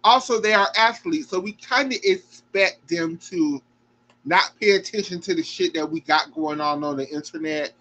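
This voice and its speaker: A man's voice: high-pitched, normal speed, bright, forceful tone, poor audio. A man hosting a gymnastics reaction show, talking emphatically and emotionally and swearing freely.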